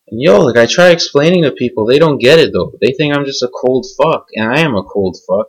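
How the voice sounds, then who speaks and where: A man's voice: medium pitch, lively intonation, brisk, hardly any pauses, breathy edge, rough recording. A young adult man delivering an angry, cynical, profanity-heavy rant. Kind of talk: profane ranting monologue.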